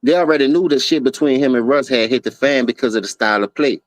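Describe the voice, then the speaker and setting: A man's voice: medium pitch, quick pace, dry recording. A man hosting a casual basketball talk stream, telling loose, profane stories full of slang. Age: adult, calls himself an OG. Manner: loose, profane storytelling with slang and repeated "you feel me". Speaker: livestream basketball talk host. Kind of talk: casual sports debate chat.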